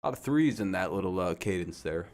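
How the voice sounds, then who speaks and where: A man's voice: low voice, animated, fast, a little mellow. A man hosting a live stream, giving laid-back, profane commentary as he calls the downs and time left. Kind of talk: casual watch-along commentary.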